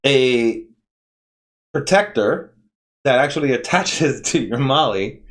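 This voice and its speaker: A man's voice: medium pitch, expressive, takes it slowly, fairly bright tone. A man hosting a casual podcast chat who rambles and repeats words as he searches for them.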